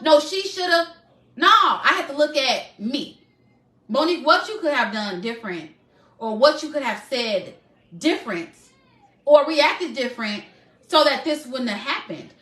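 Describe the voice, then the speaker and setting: High, bright-voiced woman speaking heartfelt. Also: echoey room. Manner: emotional, heartfelt, addresses viewers as y'all. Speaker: live stream host. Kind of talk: candid personal live stream talk.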